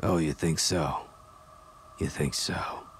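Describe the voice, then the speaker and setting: Veteran soldier voiced by a man, deep rasping monotone, dry and flat delivery. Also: takes it slowly, a little hiss or hum. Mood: taunting.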